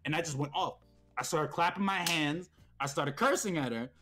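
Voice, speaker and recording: Casting note: young man, slightly high voice, profane, animated storyteller with heated bursts. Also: fairly quick. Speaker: streamer's friend telling stories. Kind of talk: casual storytelling chat.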